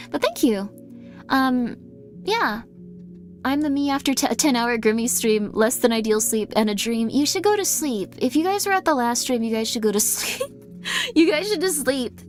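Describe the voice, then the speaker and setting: A woman streamer chatting casually with viewers, rambling with many fillers. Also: on the high side.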